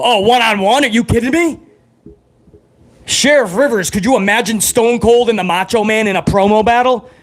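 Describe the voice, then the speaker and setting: A man hosting a live wrestling reaction stream, excitable and over-caffeinated, swearing freely as he chats with his viewers. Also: sits high, moderate pace, long pauses.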